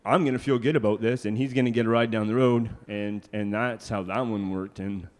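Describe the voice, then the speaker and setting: A man's voice: fairly low pitch, steady tone, a little fast, a little mellow, in a large hall. A man, a hitchhiker guest telling road stories in a casual, rambling way. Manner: rambling, many fillers and restarts, laughs often. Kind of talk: casual storytelling.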